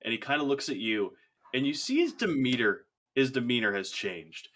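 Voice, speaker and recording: A man's voice: medium pitch, big pitch swings, normal speed, fairly bright tone, slight background noise. A man running a tabletop game as game master, narrating in an easygoing way with frequent laughs and fillers.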